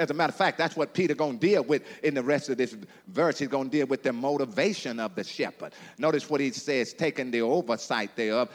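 A pastor delivering a sermon, calling out questions to the congregation and repeating phrases in a rhythmic preaching style. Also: male voice, mid-range voice, a bit bright, big-room sound. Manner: call-and-response preaching with rhythmic repetition.

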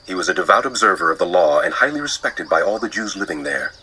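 Earnest apostle Paul, bright-toned. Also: male voice, deep voice, animated, quick pace, a little hiss or hum, rough recording. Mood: solemn. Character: apostle Paul, earnest middle-aged man, testifying. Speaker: voice actor in a dramatized Bible reading. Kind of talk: dramatized scripture reading.

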